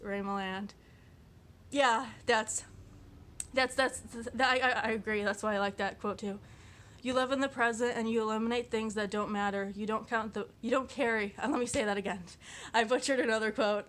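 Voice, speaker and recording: In a casual vlog, a woman with a fairly high, fairly bright voice reads out quotes and responds in a chatty, rambling style. Fillers and restarts fill her speech, and she's giggly and self-deprecating, frequently laughing at herself.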